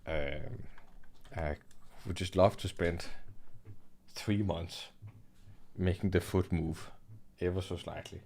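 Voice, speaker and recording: A young man hosting an art livestream, rambling and joking in a relaxed chat while he laughs and swears. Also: deep voice, slow, creaky, long pauses, slightly rough. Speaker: livestream host and digital artist.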